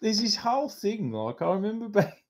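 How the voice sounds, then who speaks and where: A man co-hosting a casual podcast, telling stories in an animated way and laughing often. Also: high-pitched, moderate pace. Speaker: podcast co-host. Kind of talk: casual chat.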